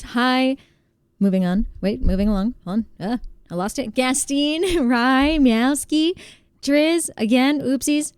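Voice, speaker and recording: Bubbly American woman streamer, crisp dry voice. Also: high voice, unhurried, a little mellow, dry recording. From United States. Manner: bubbly, chatty, greets viewers by name. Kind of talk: casual live-stream chat.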